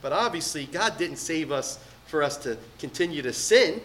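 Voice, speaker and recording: A middle-aged man preaching a sermon as pastor, swinging between loud emphatic peaks and quiet asides. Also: a little high, animated, normal speed, a little hiss or hum.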